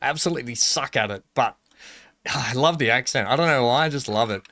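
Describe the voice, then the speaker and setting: A man's voice: mid-range voice, fairly quick, bright, forceful tone. A young adult man with an Australian accent, chatting casually on a live game stream, rambling and joking and laughing a lot as he reads out chat.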